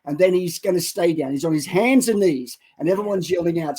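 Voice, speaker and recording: A middle-aged man co-hosting a Christian show, preaching with dramatic retellings that build to loud exhortations. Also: high voice, a little fast, husky, poor audio. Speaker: co-host of a Christian online show. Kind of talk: impassioned preaching and storytelling.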